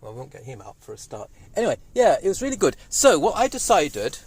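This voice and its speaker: A man in his fifties, rambling and excitable in a casual monologue, speaking through a cold. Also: a little high, fast talker, husky. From Wales. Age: 50s. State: has a cold. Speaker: vlogger. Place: indoors, sunny room.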